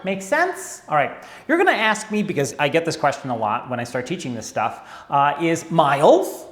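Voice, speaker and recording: A man's voice: on the high side, wildly swooping pitch, moderate pace, a bit bright. A man teaching a dance lesson in a chatty, wry way, often checking in with his viewers. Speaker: tango teacher. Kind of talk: instructional video talk. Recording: echoey room.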